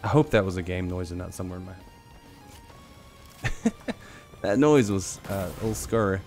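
A man giving casual live commentary on his own gameplay, talking to himself and his viewers and jumping into high excited yelps. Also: moderate pace, soft background music. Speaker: game streamer.

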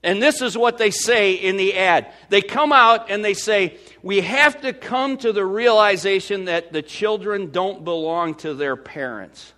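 A Midwestern American man preaching a sermon as pastor, swinging from loud to hushed. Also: high-pitched, a little slow, hardly any pauses.

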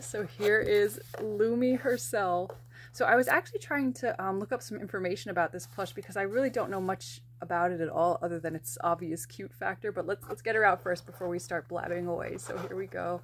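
A young woman from the United States hosting an unboxing vlog, gushing and excitable, with frequent restarts and gasps. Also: mid-range voice, normal speed, a little hiss or hum. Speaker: plush collector and vlogger.

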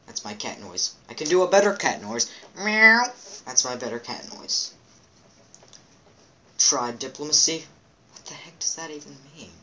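A man's voice: mid-range voice, lively intonation, normal speed, pauses often, fairly bright tone, a little hiss or hum, poor audio. A man hosting a let's play, reading game captions aloud with goofy asides and playful quack and meow noises. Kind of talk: casual game commentary.

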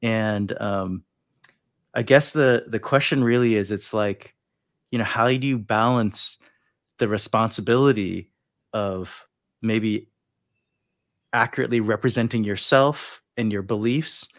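Male host, low voice, dry close sound, hesitant thoughtful delivery. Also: a little slow, long pauses, no echo. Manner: hesitant and thoughtful, many ums and restarts. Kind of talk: interview conversation. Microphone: livestream video call.

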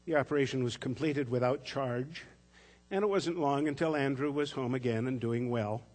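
A male pastor preaching to his congregation in a husky, mid-pitched voice, unfolding a story gently and with measure. His words ring out with a long reverb in the church sanctuary. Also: normal speed. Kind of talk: sermon.

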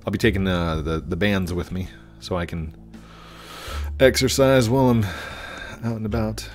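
A man's voice: on the low side, normal speed, music in the background. A man chatting casually and rambling while he plays a game, easily distracted. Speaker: gaming YouTuber. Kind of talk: casual gameplay commentary.

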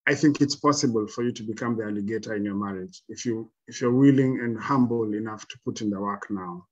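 A man speaking as a panel guest, giving reflective advice in a measured, halting way with frequent restarts. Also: fairly low pitch, slightly rough, lo-fi sound.

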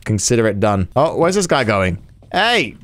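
A man's voice: lowish voice, sing-song, moderate pace, fairly bright tone. A man giving casual gameplay commentary with exaggerated reactions, sarcasm and swearing. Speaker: gaming channel host.

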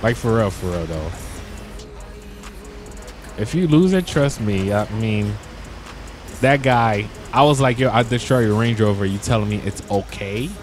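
A young man telling stories in a casual, slangy way while commenting on his gameplay, getting excited as he talks. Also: lowish voice, a little slow, long pauses, faint music behind. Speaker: gaming YouTuber.

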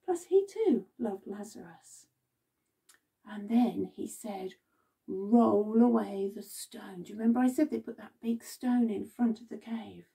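Slow, gravelly woman telling a children's Bible story. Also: mid-range voice, distant mic. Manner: expressive, asks children questions. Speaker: children's Bible club leader.

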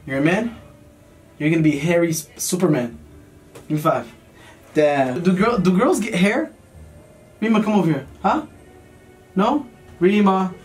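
A man in his twenties, a vlogger, talking in a playful, teasing and excitable way while pranking children. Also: high-pitched, a little slow, pauses often. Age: 20s. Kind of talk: casual prank vlog. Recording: distant mic with faint music.

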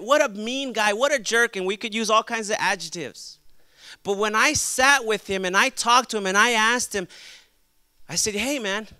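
Lively high-voiced male pastor. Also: clean tone, no room sound. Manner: lively, acts out quoted voices. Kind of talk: youth sermon.

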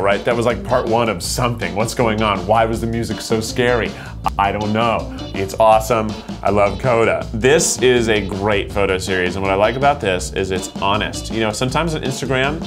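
A young man hosting, reacting playfully to dog posts with lots of laughs and getting emotional. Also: on the low side. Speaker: host judging dog posts. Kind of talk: casual reaction commentary.

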